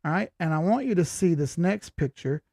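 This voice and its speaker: A man's voice: a little high, animated, a little fast, mellow, no room sound, studio quality. A man in his forties hosting a crypto chart analysis show in a folksy, rambling, jokey way. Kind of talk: casual chart analysis talk.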